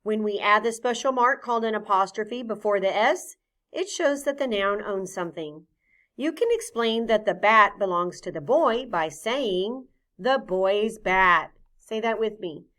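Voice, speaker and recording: A woman teaching a phonics lesson to young children, patient and clear, sounding out each letter sound deliberately. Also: mid-range voice, animated, a bit bright.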